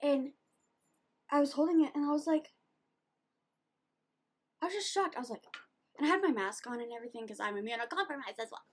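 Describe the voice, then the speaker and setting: A woman's voice: sits high, fairly quick, long pauses. A woman of eighteen, ranting animatedly and indignantly in a casual video journal. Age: late teens.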